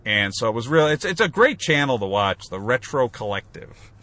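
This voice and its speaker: Lively, bright-voiced man chatting. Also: mid-range voice, normal speed. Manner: rambling, full of fillers and restarts. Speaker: podcast co-host. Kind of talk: casual chat.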